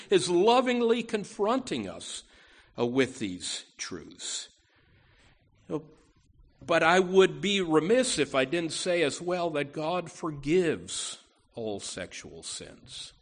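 Slow, earnest preaching man. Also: on the high side. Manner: earnest preaching with frequent "you know" and restarts; slow, deliberate delivery with emphatic rises. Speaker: pastor. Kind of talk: sermon.

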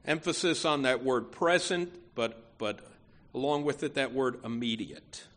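A man's voice: mid-range voice, measured pace, fairly bright tone. A man preaching a sermon in an earnest, emphatic way, often restarting phrases and saying "you know".

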